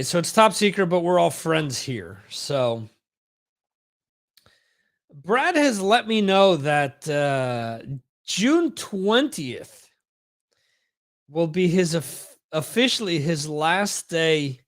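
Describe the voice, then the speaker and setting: A man's voice: a little high, sing-song, slow pace, pauses often. A man hosting a live-stream podcast, chatting casually, rambling and repeating words while reading out viewer comments. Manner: rambling, repeats words, reads chat aloud. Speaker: podcast host.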